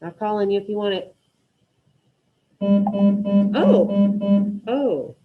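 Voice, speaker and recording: A woman's voice: mid-range voice, a little fast, narrow, tinny audio, over loud music. A woman teaching an online Spanish class, encouraging her students and calling on them by name.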